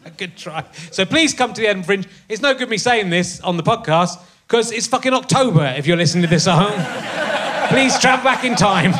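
A man's voice: sits high, animated, a little fast, background noise. A middle-aged man hosting a live comedy podcast on stage, wry and teasing, laughing often. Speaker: podcast host. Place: theatre stage before a live audience.

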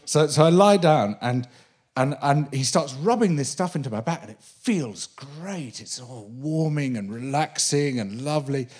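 A man, a guest on a live interview show on a theatre stage, telling an animated anecdote with many restarts and laughs. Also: mid-range voice, measured pace. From Britain. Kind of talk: live comedy-podcast interview, storytelling.

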